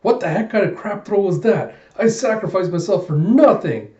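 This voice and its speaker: A man's voice: high voice, normal speed, distant mic, voice pushed up, natural voice. Man doing a rude bratty schoolboy. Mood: angry. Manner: yelling, mocking. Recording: echoey room, dull sound.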